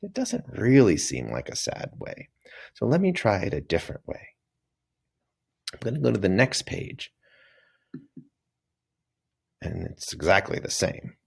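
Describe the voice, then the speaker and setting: A man teaching a recorded reading lesson for children, talking straight to the kids in a lively, coaxing way. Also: on the low side, measured pace, gravelly, pauses often, slightly rough.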